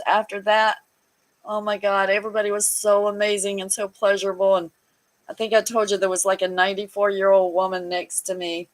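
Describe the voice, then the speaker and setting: In casual chat, a woman with a mid-range voice shares a hospital story as a guest, over a rough recording. She's an animated storyteller who laughs often and acts out the voices of the people involved.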